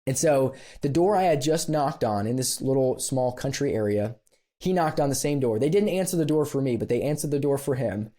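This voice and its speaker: A man guest on a podcast, telling a personal story in a casual, animated way with frequent laughs and fillers. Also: medium pitch, brisk.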